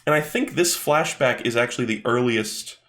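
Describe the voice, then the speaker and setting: A man's voice: medium pitch, moderate pace, fairly bright tone. Profane, rambling young man. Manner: profane, rambling, with many fillers. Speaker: host. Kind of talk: casual commentary while skimming a manga.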